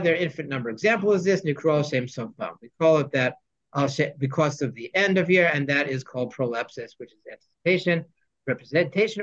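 A man teaching a text study class, reading Hebrew phrases and explaining them in English with joking asides. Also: a little high. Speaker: Torah teacher. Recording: dull lo-fi sound.

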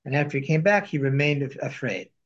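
A man's voice: a little high, expressive, quick pace. Male teacher, reads passages in the original and translates line by line; slightly muffled recording. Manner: reads Hebrew and Aramaic quotes, translating each line. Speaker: Torah teacher. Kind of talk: text study lesson.

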